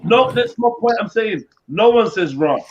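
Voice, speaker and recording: A young man hosts a casual panel stream, teasing the others loudly and laughing often. His voice sits a little high, and the audio comes through slightly muffled. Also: animated, normal speed, crowd noise. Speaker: live stream host.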